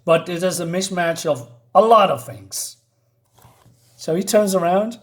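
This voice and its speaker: A man's voice: sits high, measured pace, fairly bright tone. A man reviewing a comic book in a chatty, casual way, with many fillers and asides.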